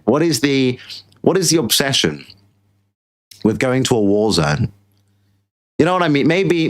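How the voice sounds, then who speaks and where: A British man hosting a political show, ranting in casual commentary and repeating himself. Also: lowish voice. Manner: ranting, repetitive, mocking put-on voices. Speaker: show host.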